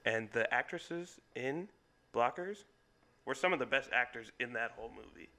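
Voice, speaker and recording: Gravelly bright-voiced man arguing about movies. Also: mid-range voice, lively intonation. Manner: teasing, argumentative, quick to laugh. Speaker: podcast co-host. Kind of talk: casual comedy movie chat.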